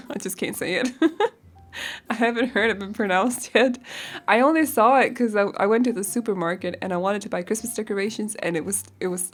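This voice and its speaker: Giggly young woman chatting. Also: mid-range voice. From Denmark. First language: Danish. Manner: rambling and giggly, searching for words. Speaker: game builder. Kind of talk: casual voice-over chat.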